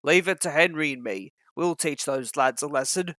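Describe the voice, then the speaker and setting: A man voicing a calm, kindly male engine driver in a storybook reading, explaining things patiently. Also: fairly high pitch, normal speed, no room sound, studio quality.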